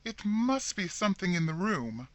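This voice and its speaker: A man's voice: high-pitched, big pitch swings, normal speed, no echo, voice pushed up. A man voicing a placid, fussy middle-aged woman who becomes horror-struck and shrieks. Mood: horrified. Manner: fussy, then shrieking in alarm.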